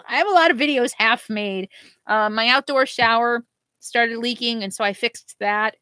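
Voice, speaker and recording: A middle-aged woman vlogger in a casual live Q&A, reading viewer comments and answering them in a halting, emotional way, at times near tears. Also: fairly high pitch, sharp tone, dry recording. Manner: emotional, halting, laughs through grief.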